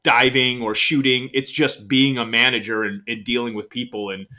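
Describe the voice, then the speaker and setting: A man's voice: medium pitch, fairly even intonation, moderate pace, bright, forceful tone. A man hosting a casual podcast chat, talking emphatically with mild cursing.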